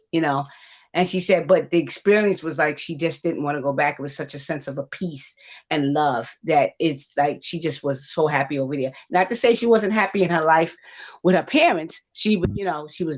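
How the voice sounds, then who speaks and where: A woman psychic on a livestream, talking gently and reassuringly, with many fillers as she tells a story. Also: lowish voice, moderate pace. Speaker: psychic panelist. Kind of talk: livestream talk. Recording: dull lo-fi livestream audio.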